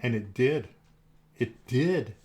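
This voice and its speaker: A man reading a children's storybook aloud, gentle and expressive. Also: mid-range voice. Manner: gentle, expressive, slowed for effect.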